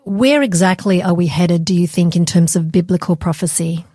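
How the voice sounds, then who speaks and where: A woman with a lowish, mellow voice hosts an interview, asking earnest questions and responding with encouragement. She is recorded close and dry. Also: fairly even intonation, normal speed, husky, no room sound. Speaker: host. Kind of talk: radio interview hosting.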